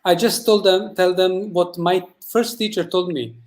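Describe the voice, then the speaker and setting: A man in his thirties on a video call, answering in a halting way that repeats words. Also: sits high, steady tone. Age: 30s. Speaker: guest musician.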